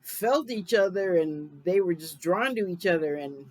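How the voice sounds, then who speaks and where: A woman's voice: lowish voice, expressive, moderate pace, darkish tone, rough recording. A woman in her fifties talks through a film's plot in a loose, chatty way. She backtracks and corrects herself as she goes, with frequent small laughs. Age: 50s. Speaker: film reviewer. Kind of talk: casual spoken film recap.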